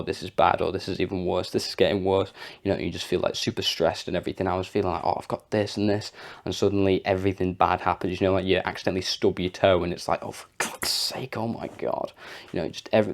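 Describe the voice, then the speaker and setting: A young man talks casually about mindset, rambling through plenty of fillers. His voice sits low and has a gravelly fry, roughened further by a sore throat. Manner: rambling and chatty, with frequent fillers and laughs. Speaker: vlogger. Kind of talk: casual motivational talk to camera.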